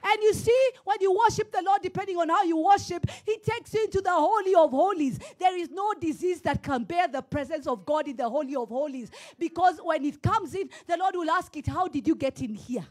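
A woman's voice: very high-pitched, a little fast, few pauses, a little mellow. A woman pastor preaching a sermon at a church service, building to emphatic, repeated calls. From Kenya. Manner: preaching with rising emphatic repetition.

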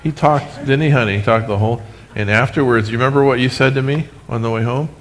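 A man preaching a sermon as pastor, animated, with humorous asides, speaking to his congregation and online viewers. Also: medium pitch, fast. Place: church sanctuary, recorded for live stream.

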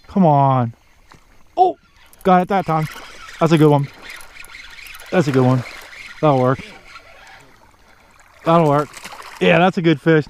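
A man filming himself bass fishing from a boat outdoors, cheering on every catch with casual commentary. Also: smooth. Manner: excited, cheers on fish with stock phrases. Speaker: fishing vlogger.

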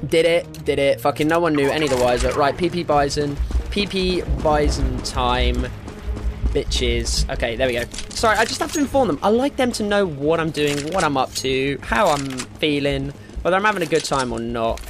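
Excitable sweary young man gaming. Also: normal speed. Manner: excitable, sweary, yelps up into squeaky highs. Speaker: gaming YouTuber. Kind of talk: live gameplay commentary. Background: game music and gunfire.

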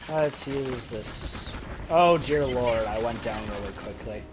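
A man giving jokey gameplay commentary, swinging from loud excited outbursts to quiet muttering. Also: medium pitch, slow pace, background noise. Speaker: let's play gamer.

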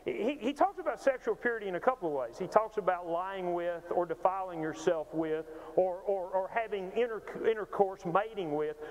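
A man delivers a Bible lecture in a church in a high, animated voice that rises and falls a lot. He teaches emphatically and conversationally, often stumbling and restarting words. His voice rings out with a long hall reverb. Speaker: preacher. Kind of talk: sermon-style Bible lecture. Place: church auditorium.

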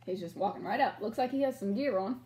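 A woman's voice: medium pitch, fast talker, mellow, slight background noise. A woman teacher reading a picture book aloud to children and asking them questions in an encouraging way.

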